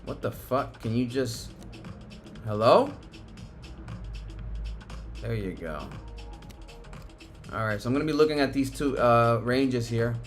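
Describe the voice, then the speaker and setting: A man hosting a live stock market stream, talking excitably and with plenty of profanity, swinging between cheering and panic as prices move. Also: medium pitch, slow, long pauses, faint music behind. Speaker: stock market livestream host.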